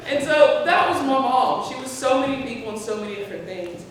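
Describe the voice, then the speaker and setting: A woman's voice: sits high, expressive, brisk, few pauses. A woman speaking at a memorial tribute, telling personal stories to a gathering, acting out the voices she quotes and laughing often. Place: large hall at a community gathering. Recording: echoey hall from far off.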